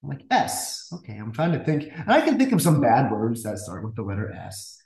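A man telling a classroom story in a casual, animated way, acting out the voices he quotes, with stammering restarts. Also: medium pitch, fairly quick. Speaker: guest music teacher. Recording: roomy echo.

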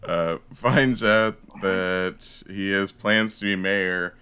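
A man's voice: deep voice, takes it slowly, clean tone. A man co-hosting a podcast, casually recapping a movie's plot. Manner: recapping plot in steady narration. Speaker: podcast co-host.

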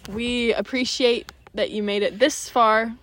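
A woman's voice: on the high side, steady tone, a bit bright. A young woman co-hosting a podcast, joking and teasing her friends in casual chat. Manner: playful teasing, quick jokes. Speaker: podcast co-host.

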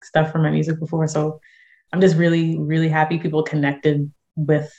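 A woman's voice: low-pitched, completely flat delivery, normal speed, mellow, muffled recording. A young woman from San Diego, chatting casually as an interview guest, full of fillers and easy laughs. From San Diego, USA. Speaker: guest musician and actress.

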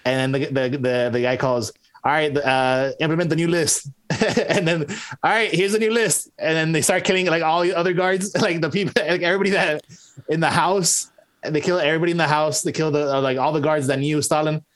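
A man co-hosting a casual movie review podcast who laughs often and talks haltingly. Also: on the high side, fairly even intonation, a bit bright. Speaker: podcast co-host.

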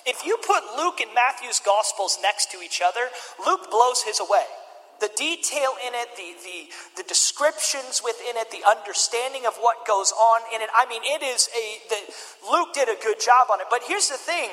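A man's voice: very high-pitched, expressive, normal speed, pushed and bright. Man preaching, thirties, chatty and joking, long hall reverb. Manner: conversational, joking storyteller. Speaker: pastor. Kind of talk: sermon.

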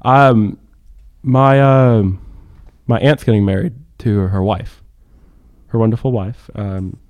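A man's voice: fairly low pitch, steady tone, slow, darkish tone, no echo. Man, young, Texan accent, hesitant, casual chat, dry mic. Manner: hesitant, many fillers and restarts.

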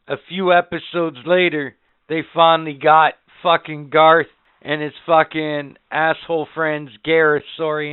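A man hosting a casual podcast, counting down favorite moments with excited, profane storytelling. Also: a little high, clear, resonant tone. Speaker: podcast host. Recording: phone-like narrow band.

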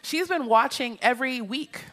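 A woman's voice: high voice, moderate pace, fairly bright tone. A woman hosting a church Q&A, introducing a guest and calling out to the congregation with energy. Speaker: church host interviewer.

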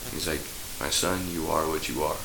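A man's voice: a bass voice, fairly even intonation, fairly quick, reverberant, noisy background. A man telling long, profane jokes and stories in a rambling, casual way, putting on voices for the people in them. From Idaho. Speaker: podcast guest, local musician. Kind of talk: casual storytelling.

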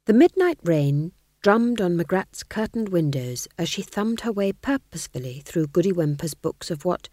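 A woman reading a comic fantasy novel aloud in a wry, expressive storytelling manner. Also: on the low side, no room sound, clean studio sound. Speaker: audiobook reader. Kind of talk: scripted narration.

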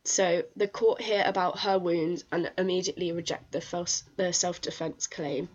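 This English podcast co-host talks through a crime case in a relaxed, chatty style, with frequent fillers and restarts. Her voice is fairly low and steady at a moderate pace, captured in dull lo-fi sound.

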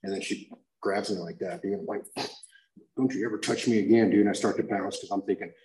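Speaking briskly in an echoey room, a middle-aged American man gives a recovery share, rambling and animated. He keeps saying "dude" and "you know what I mean," and his pitch shoots up whenever he mimics shouting.

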